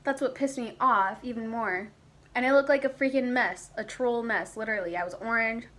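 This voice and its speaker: A young woman vlogger chatting casually as she tells a personal story, animated and a bit crude, now and then putting on a high squeaky voice for her younger self. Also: moderate pace, low-quality recording.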